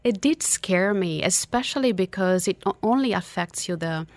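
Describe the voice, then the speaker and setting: A woman from Italy with an Italian accent and English as a second language, openly telling her personal story as an interview guest in an earnest, slightly halting way. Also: mid-range voice, lively intonation, no room sound. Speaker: guest, author and motivational speaker.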